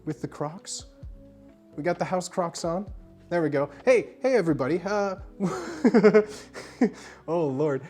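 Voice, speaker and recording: A tipsy livestreamer chatting casually with viewers from home, breaking into loud excited yelps and shouts. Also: mid-range voice. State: tipsy from drinking. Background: music playing.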